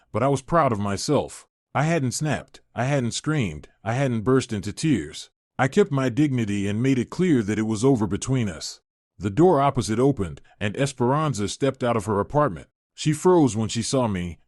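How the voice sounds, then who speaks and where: Guy reading a first-person breakup story, steady pace, pitch moves a lot, dry close mic. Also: moderate pace, dry recording. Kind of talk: scripted storytelling narration.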